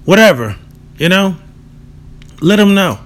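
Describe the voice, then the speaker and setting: A man's voice: high-pitched, big pitch swings, a little slow, fairly bright tone. A man in his thirties with a dry, nasal voice, hosting a casual solo podcast in a loose, profane, joking and rambling way. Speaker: podcast host.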